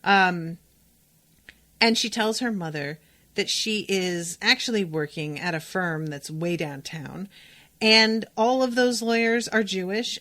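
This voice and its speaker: A woman's voice: medium pitch, a bit bright. A woman hosting a podcast, recapping an episode in a chatty, opinionated way and sometimes talking straight to the characters. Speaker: podcast host.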